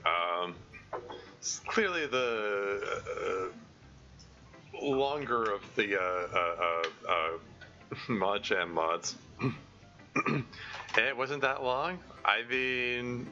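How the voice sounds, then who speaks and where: A man's voice: on the low side, drawn-out words, long pauses, bright, forceful tone, highs cut off. A man casually commenting while playing through a visual novel, rambling with lots of fillers. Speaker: streamer. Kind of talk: casual let's play commentary.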